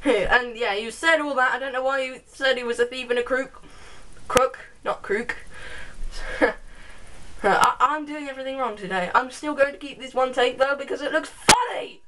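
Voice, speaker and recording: A young woman chats to her camera in a giggly, rambling way, often making fun of herself. Her voice sits fairly high. She is recorded from a distance, and clear background noise runs under her speech. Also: a little fast, pushed and bright. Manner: chatty, giggly, rambling with self-mocking asides. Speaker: vlogger. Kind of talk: casual chat to camera.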